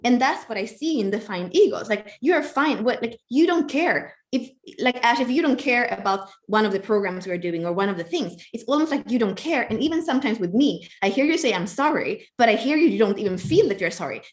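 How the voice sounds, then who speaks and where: A woman's voice: a little high, lively intonation, brisk, few pauses. A woman co-hosting a casual chat, explaining ideas and filling her speech with "like". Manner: explanatory, uses many filler "like"s. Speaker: podcast co-host, coach.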